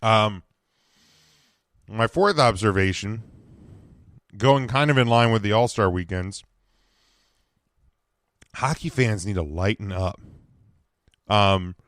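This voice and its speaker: A lower-voiced man talks through a casual solo podcast, his voice smooth and resonant despite a slightly scratchy throat. He rambles with fillers and restarts, then turns emphatic. The sound is dry and close to the mic. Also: a bit bright, no echo. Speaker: podcast host.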